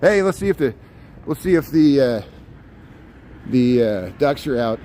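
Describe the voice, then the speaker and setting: A man's voice: medium pitch, lively intonation, unhurried, warm tone. A man hosting a rambling livestream walk down a city street, chatting with viewers as he goes. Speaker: livestream walking tour host. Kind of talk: casual livestream chat while walking. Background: faint street and traffic noise.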